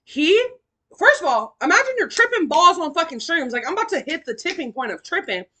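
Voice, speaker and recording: A woman's voice: very high-pitched, very animated, brisk, pushed and bright. Slangy woman telling her story. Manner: slangy, profane, emotional. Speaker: podcast host. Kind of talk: personal storytelling.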